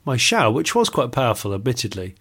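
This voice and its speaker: A man's voice: mid-range voice, very animated, fast talker, a bit bright, slightly rough. A man co-hosting a podcast, chatting casually with playful, mock-indignant rants. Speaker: podcast co-host. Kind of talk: casual chat.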